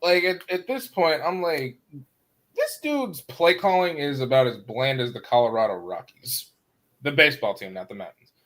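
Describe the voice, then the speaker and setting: A man talking as a podcast guest, opinionated and animated about the team's play. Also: a little high, moderate pace. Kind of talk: casual sports talk.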